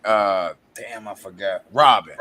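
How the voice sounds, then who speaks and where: A man's voice: lowish voice, a little slow, bright, forceful tone, a little hiss or hum. A man hosting a casual chat, easygoing and teasing, often laughing.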